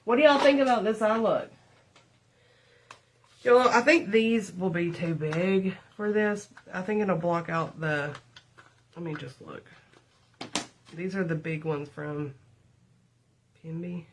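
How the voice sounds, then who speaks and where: Speaking slowly with long pauses in a lowish voice, a middle-aged woman tells rambling stories during a makeup livestream. She's chatty and calls the people watching "y'all."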